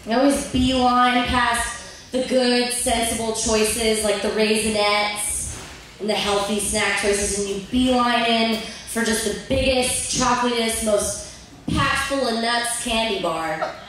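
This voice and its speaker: A woman's voice: a little high, slight background noise. Young woman doing stand-up in a bar. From Virginia, USA. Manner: deadpan delivery with filler pauses, laughs at own jokes. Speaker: stand-up comic. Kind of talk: open-mic stand-up set. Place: bar stage. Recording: roomy bar audio from a distant mic.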